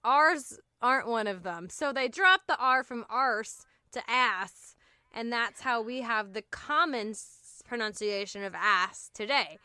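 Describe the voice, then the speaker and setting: A woman's voice: fairly high pitch, lively intonation, smooth, dry recording, clean studio sound. A woman co-hosting a podcast, chatting casually and joking about word history. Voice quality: bright, joking, quick to laugh. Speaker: podcast co-host. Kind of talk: casual comedic chat.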